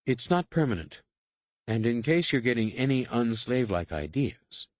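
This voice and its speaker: A man's voice: mid-range voice, very animated, no room sound, lightly acted. A man voicing a stern, clipped overseer woman. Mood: stern, instructing. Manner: clipped, commanding, measured. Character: stern female alien slave overseer, curt. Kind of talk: audiobook character reading.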